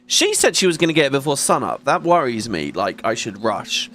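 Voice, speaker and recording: A man giving casual gameplay commentary as a let's play host, chatty and excitable, swearing often. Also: mid-range voice, fairly quick. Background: game music.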